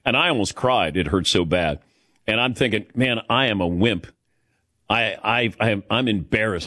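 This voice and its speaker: A man's voice: mid-range voice, a bit bright, no room sound, studio quality. A middle-aged man hosting a radio talk show, telling a self-mocking story in a chatty way and laughing often.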